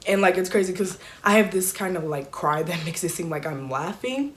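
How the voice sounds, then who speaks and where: Soft-spoken young woman, halting storytime. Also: fairly low pitch, expressive, a little hiss or hum. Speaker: YouTuber. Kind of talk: emotional storytime.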